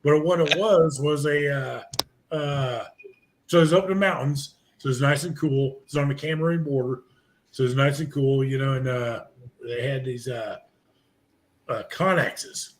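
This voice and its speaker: This middle-aged man, appearing as a guest on a barbecue podcast, talks at an unhurried pace in a mid-range voice, rambling through long informal stories studded with fillers and restarts.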